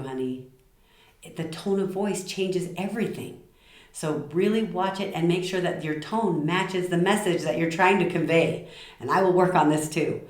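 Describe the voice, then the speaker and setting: Middle-aged woman, low voice, passionate talk to camera in an echoey room. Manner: passionate, lively, acts out little quoted lines. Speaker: speaker giving communication tips.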